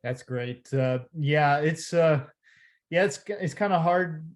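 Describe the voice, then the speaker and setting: A man co-hosting a sports podcast, speaking in a halting way with many fillers. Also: on the high side. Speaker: sports podcast co-host and broadcaster. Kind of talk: casual chat.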